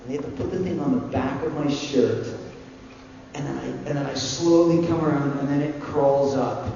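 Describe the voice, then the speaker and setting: A man who is a guest at a convention panel tells a comic anecdote on stage, animated and laughing, acting out what others said. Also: mid-range voice, normal speed, creaky. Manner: animated, laughing, acts out quotes. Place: large convention hall before an audience. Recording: echoey hall, distant mic, dull sound, audience noise.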